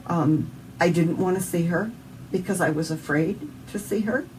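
This interview guest is a woman with a Southern US accent whose fairly low, slightly mellow voice moves at a normal speed. She tells an emotional personal story in a sincere, heartfelt manner, captured on a distant mic with faint noise behind her.

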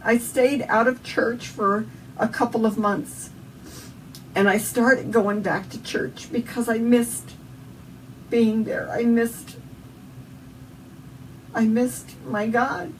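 A woman's voice: fairly high pitch, fairly even intonation, takes it slowly, long pauses, far from the mic, slight background noise, poor audio. A woman with a Southern US accent sharing an earnest, emotional personal faith testimony as an interview guest.

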